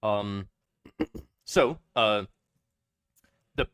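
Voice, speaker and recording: A man hosting a casual podcast, talking in a halting, low-key way with many pauses. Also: sing-song, a bit bright, no room sound, studio quality. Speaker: podcast host.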